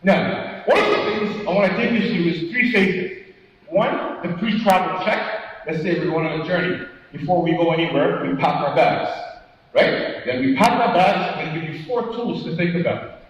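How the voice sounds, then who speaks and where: A man giving a motivational keynote talk at a conference, animated, putting questions to the audience and acting out quotes. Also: on the high side, normal speed. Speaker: keynote speaker. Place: large conference hall. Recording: echoey hall, distant mic, dull sound.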